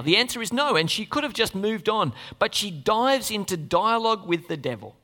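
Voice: medium pitch, big pitch swings, normal speed, pushed and bright. A preacher giving a sermon in a conversational way, asking the congregation questions and adding playful asides. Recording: long reverb of a large hall.

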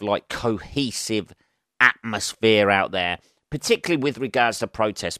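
Middle-aged man, solo podcaster, low smooth voice, sweary rambling chat. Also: no room sound, studio quality. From England. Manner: sweary, rambling and chatty, asking rhetorical tag questions. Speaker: podcast host.

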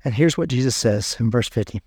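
A male pastor preaching a sermon in a conversational way, reading scripture aloud with pauses. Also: medium pitch, a little mellow, husky, no echo, clean studio sound.

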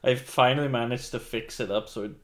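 A man's voice: medium pitch, fairly even intonation, brisk, a bit bright. A man from Sweden co-hosting a hobby podcast, blunt with mock-aggressive humor. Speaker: podcast co-host. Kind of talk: casual podcast banter.

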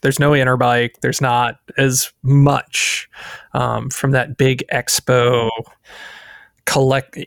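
A man with a mid-pitched, gravelly voice talks casually as a podcast co-host. He sounds relaxed and a bit hesitant, with frequent uhs, and the recording is dry and close. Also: dry recording. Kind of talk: casual chat.

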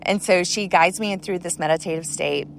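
A woman's voice: fairly low pitch, brisk, gravelly, slight background noise. A woman podcast host telling a personal story in a casual, earnest, rambling way, leaning on filler words.

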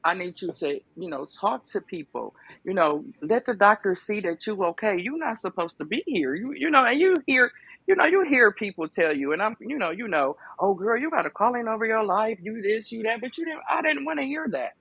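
Gravelly-voiced woman telling her story. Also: medium pitch, lively intonation, brisk, a bit bright, no echo. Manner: emphatic, conversational, lots of fillers. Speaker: podcast guest. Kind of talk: casual testimony.

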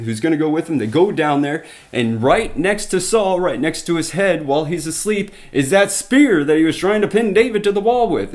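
Bible teacher retelling scripture in plain talk. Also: male voice, a little high.

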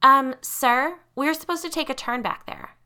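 A woman voicing a frightened teenage girl in a told ghost story, pleading in a high, loud, desperate voice. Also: lively intonation, unhurried, heavily acted. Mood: uneasy.

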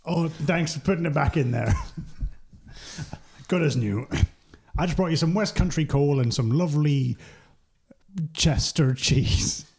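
A man playing a hapless coal seller, cheery, rambling, slightly high voice. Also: a little slow, gravelly, darkish tone.

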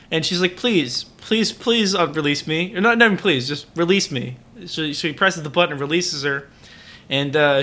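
A man's voice: high voice, bright, forceful tone. A drunk man on a podcast casually recapping an anime, rambling with lots of fillers and restarts. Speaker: podcast co-host.

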